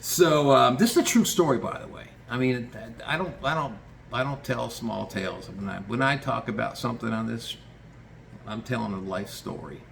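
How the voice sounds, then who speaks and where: A man spins a long true tale in a loose, rambling voice of middle pitch, swearing freely and doubling back on his words. Faint noise hums under the recording. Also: moderate pace, vocal fry, a bit bright. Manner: rambling, swears casually, restarts often. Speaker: storyteller. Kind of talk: casual spoken storytelling.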